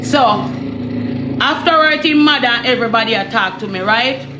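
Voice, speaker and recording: A Jamaican woman telling a story in casual patois, animated and repetitive, often asking the listener if they understand. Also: a little high, normal speed, reverberant, background noise. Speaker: storyteller vlogger.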